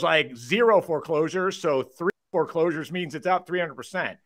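A man debates real estate in a loose, casual way, full of fillers. His voice is high and bright, with a tense, sharp edge. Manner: casual, filler-heavy arguing. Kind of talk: panel debate.

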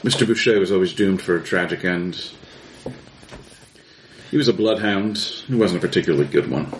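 A man playing a calm, mocking villain who taunts his victim in a tabletop game. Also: sits low, moderate pace. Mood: menacing. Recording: roomy with faint noise.

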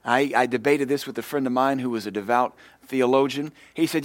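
A man preaching a sermon with impassioned, storytelling delivery that swells louder and higher. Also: fairly even intonation, a little fast, few pauses, dry recording. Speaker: pastor.

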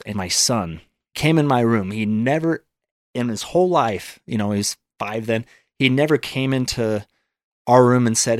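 Guy telling a long personal story, slightly low voice, dry close sound. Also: no room sound. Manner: earnest, acts out quoted thoughts. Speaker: guest. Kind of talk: storytelling in a podcast interview.

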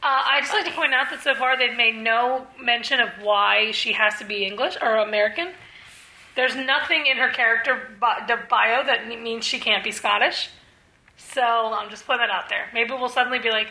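A woman's voice: on the high side, steady tone, moderate pace, sharp tone. A woman co-hosting a casual TV podcast, chatty and wry, often answering "right". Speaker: podcast co-host. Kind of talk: casual chat. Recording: roomy echo.

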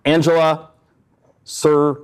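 This podcast host is on stage in an event space, joking and keeping things upbeat for a live crowd. He speaks slowly in a level tone, his voice a little high, clear, and resonant, though the live recording is muffled.

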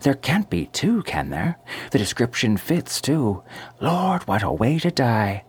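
A man's voice: medium pitch, big pitch swings, a little slow, breathy edge, pitched above the performer's own voice, full character voice. Man putting on a chattering older housekeeper woman. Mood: excited gossip. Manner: chattering, sharp and eager.

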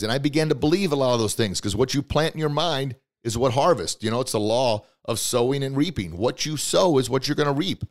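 A man hosting a motivational podcast, coaching listeners directly with excitement and bursts of emphatic shouting. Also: mid-range voice. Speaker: podcast host.

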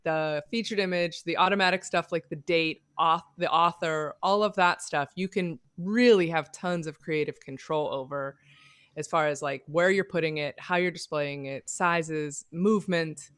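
A chatty woman co-host talks through technical ideas on a video call in a slightly low voice. She is enthusiastic and strings examples together with plenty of fillers. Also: normal speed, clear, resonant tone, no room sound, studio quality. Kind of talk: casual technical chat.

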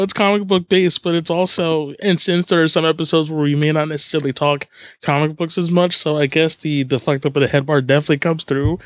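Chatty podcast host, fairly high voice, dry sound. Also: male voice, level tone, fast, fairly bright tone, dry recording. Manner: chatty, rambling, laughs easily. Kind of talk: casual podcast chat.

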